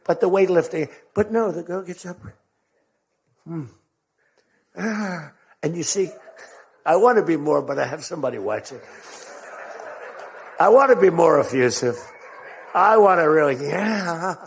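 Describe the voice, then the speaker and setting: A man's voice: on the high side, lively intonation, unhurried, gravelly, long pauses, a little hiss or hum. An older American man giving a rambling speech to a crowd, telling stories and acting out quotes. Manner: rambling, repetitive storytelling with acted-out quotes.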